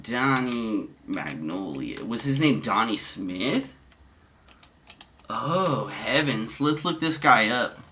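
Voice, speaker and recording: A man's voice: medium pitch, animated, slow pace, pauses often, pushed and bright. A man giving casual commentary, rambling and profane, often cutting himself off. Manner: profane, rambling, self-interrupting.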